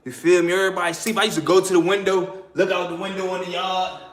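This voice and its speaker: A man telling a story in a casual, animated, slangy way, laughing often. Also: sits high, fast talker.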